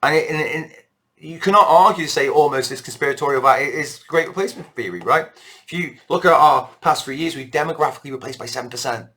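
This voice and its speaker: A man's voice: on the high side, lively intonation, fast, pushed and bright. A British man delivering a rambling, impassioned monologue to camera as a political vlogger. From Britain.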